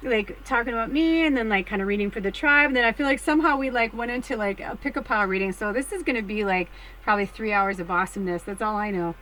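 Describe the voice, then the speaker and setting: A middle-aged woman reading tarot cards in a casual, rambling chat, full of fillers, swinging between hushed and excited. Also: mid-range voice, quick pace, few pauses, slight background noise, rough recording. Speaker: tarot card reader.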